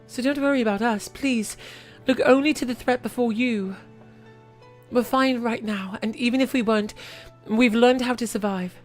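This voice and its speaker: A woman gives voice to a steadfast young ally, speaking gently but firmly with a bright, slightly raised pitch. Her lines are earnest and resolute, with faint music under them. This is a video game cutscene. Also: moderate pace, lightly acted. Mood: reassuring.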